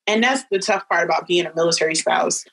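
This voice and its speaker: A woman in her thirties telling a personal story as a podcast guest, animated, with high leaps when she quotes people. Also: quick pace, creaky, husky, rough recording. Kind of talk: storytelling in casual chat.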